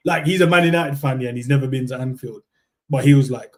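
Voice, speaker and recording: A man chatting casually about football, relaxed and slangy, often trailing off mid-thought. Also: mid-range voice, a little fast. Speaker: football podcast co-host.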